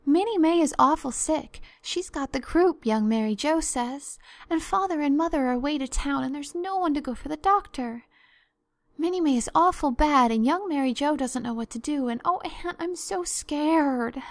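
Scared, pleading young girl, high and loud, dry close sound, voiced by a woman reader. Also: expressive, moderate pace, dry recording. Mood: frightened. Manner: pleading, anxious. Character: frightened young girl, breathless and tearful.

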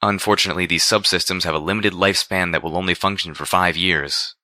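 A man voicing a calm, sweet-sounding female pony speaking in a recorded message. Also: deep voice, quick pace, no echo, studio quality. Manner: calming and reassuring.

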